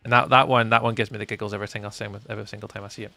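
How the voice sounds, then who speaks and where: A young Scottish man chatting casually with viewers on a live game stream, playful and reading chat out loud. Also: lowish voice, flat delivery, racing, creaky, no echo.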